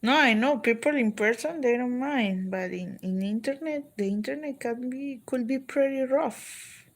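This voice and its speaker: A woman's voice: on the high side, normal speed. Chatty Colombian woman on a livestream. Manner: chatty, reads and answers viewer comments; switches between English and Spanish. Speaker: livestream vlogger. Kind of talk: casual livestream chat.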